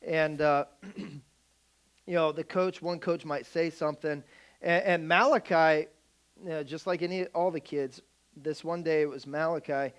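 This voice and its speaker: A man in his thirties, a pastor, telling a humorous sermon story with animated energy and stammering restarts. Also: on the high side.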